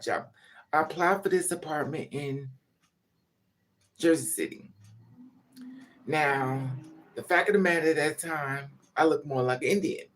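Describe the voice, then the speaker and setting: A woman telling a personal story to camera in a casual, confessional way. She rambles and repeats herself, swears freely, and gets emotional as she talks. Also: low voice. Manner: rambling, repetitive, emotional and profane.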